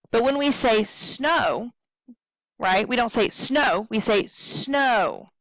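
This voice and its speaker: A woman's voice: fairly high pitch, a bit bright, no echo, low-quality recording. A woman teaching poetry meter in a recorded tutorial, explaining patiently, checking in with "okay?" and drawing out words to show stress. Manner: draws out words to demonstrate stress.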